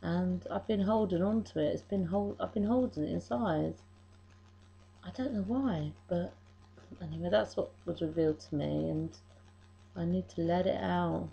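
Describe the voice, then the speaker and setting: A middle-aged woman talking in a personal faith video diary, emotional and halting, often restarting her sentences. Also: fairly low pitch, creaky, breathy edge, dull audio. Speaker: vlogger.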